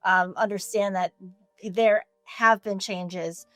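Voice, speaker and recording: A woman's voice: mid-range voice, fairly even intonation, slow pace, fairly bright tone, no echo, soft background music. A woman hosting a podcast interview, framing her questions around the audience's needs. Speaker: podcast host.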